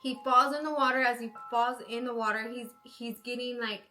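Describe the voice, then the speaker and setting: A woman telling a spooky story in a casual way, packed with "like" and "you know", sometimes going hushed. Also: fairly high pitch, steady tone, normal speed, soft background music, rough recording. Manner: chatty, full of "like" and "you know" fillers.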